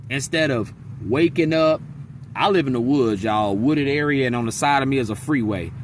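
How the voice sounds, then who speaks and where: A man's voice: mid-range voice, slight background noise. A man venting bluntly and with profanity in a casual vlog monologue, telling stories from his work day. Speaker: vlogger. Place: outdoors in a wooded area near a freeway.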